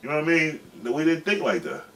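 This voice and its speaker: A man's voice: a little high, big pitch swings, fast, pushed and bright. A man in his forties, a guest telling a long, rambling story in profane, slangy casual speech. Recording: distant mic with faint background noise.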